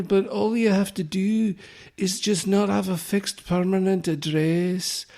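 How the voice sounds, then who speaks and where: A man putting on a Scottish accent as a rambling, excitable Scottish comedian. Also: high-pitched, gravelly, voice pushed up.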